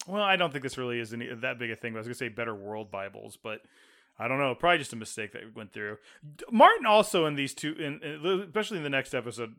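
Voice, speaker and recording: A man's voice: mid-range voice, bright, forceful tone. A man co-hosting a casual chat about a sitcom. He rambles, corrects himself and chuckles as he talks. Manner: rambling, self-correcting, chuckles while talking. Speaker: podcast co-host.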